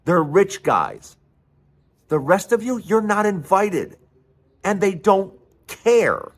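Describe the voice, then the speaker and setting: Male host, angry and sarcastic rant, lively swooping pitch. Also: slow pace. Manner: angry, sarcastic, mocking voices. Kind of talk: unscripted political rant.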